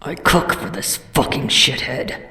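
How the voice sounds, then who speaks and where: A woman's voice: rumbling low, a little slow, husky, no room sound, pitched below the performer's own voice, exaggerated voice. A woman voicing a foul-mouthed, furious teenage boy student hero in a podfic reading, blunt and crude. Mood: exasperated. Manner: crude, blunt, shouting in anger.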